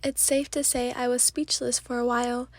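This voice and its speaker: A tired woman with a stuffy nose reads a listener story in a soft, sleepy ASMR way. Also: fairly high pitch, flat delivery, normal speed, dry recording.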